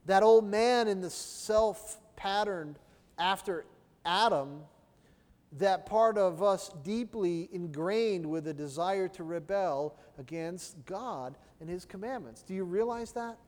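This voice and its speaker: A man's voice: high-pitched, takes it slowly, darkish tone. A middle-aged man preaching a sermon in a conversational style, often checking in with his listeners with "right?". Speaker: pastor. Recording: long hall reverb.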